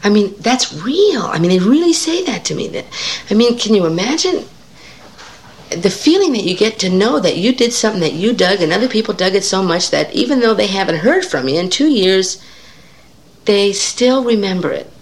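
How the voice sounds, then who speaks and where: Gravelly-voiced musician reflecting earnestly. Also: female voice, mid-range voice, big pitch swings, moderate pace. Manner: earnest, musing, searching for words. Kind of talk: interview answer.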